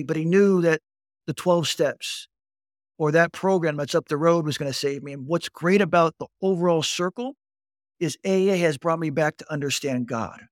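A man in his fifties telling his life story as an interview guest, animated and addressing the host directly. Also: on the high side, dry recording, clean studio sound. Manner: animated storyteller who acts out quoted voices and keeps addressing the host. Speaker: guest recounting his recovery.

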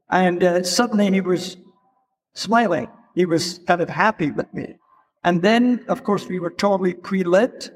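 An older man with a high voice tells stories from a stage. He speaks at an easy pace and often slips in "you know". The long reverb of a large hall trails behind his words. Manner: unhurried, storytelling with frequent 'you know' asides. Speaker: keynote speaker, photographer. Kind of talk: anecdotal stage talk. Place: event hall.

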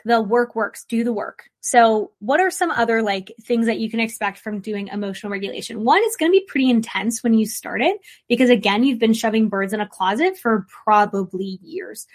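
Woman, therapist host, casual podcast talk, blunt and swearing, playful asides, slightly high voice.

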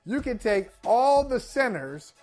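An emphatic co-host in a casual sports debate, sounding incredulous and scolding with mock outrage. A voice in the middle of the pitch range, with faint music playing underneath. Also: sing-song, takes it slowly, a little mellow.

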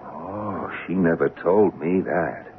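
An actor playing a blustering, self-serving male theater producer who is brusque and excitable, in a 1970s radio drama. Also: low voice, takes it slowly. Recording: tinny 1970s radio broadcast, faint hiss.

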